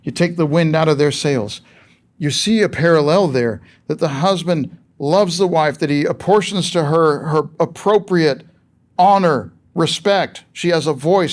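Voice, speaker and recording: A man preaching a sermon in a conversational, emphatic way, asking rhetorical questions of his listeners. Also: fairly high pitch.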